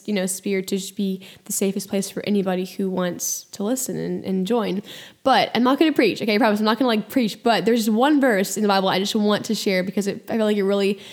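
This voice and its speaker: A woman hosts her own podcast in a reflective solo monologue about faith. She speaks earnestly and gently, with a mid-range pitch for a woman and frequent "like" and "you know" fillers. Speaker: podcast host.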